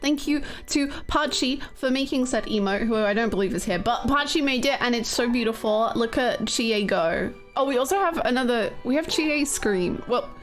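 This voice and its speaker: A woman's voice: on the high side, moderate pace, few pauses, soft background music. A woman streaming a game, chatting casually and greeting viewers, her voice a bit scratchy, laughing often.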